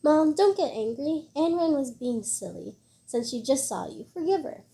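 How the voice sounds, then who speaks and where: A two-faced middle-aged woman, voiced by a woman reader, who coaxes her mother-in-law in a soothing, ingratiating voice. She sounds lifted and sweet, and mellow underneath. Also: high-pitched, expressive, normal speed, voice pushed up. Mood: placating.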